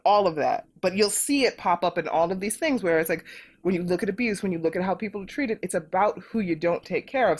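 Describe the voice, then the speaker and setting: A middle-aged woman speaks as a podcast guest, with a somewhat low voice. She drives her points home emphatically, repeating phrases with lively force. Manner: emphatic, repetitive and animated. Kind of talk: political conversation.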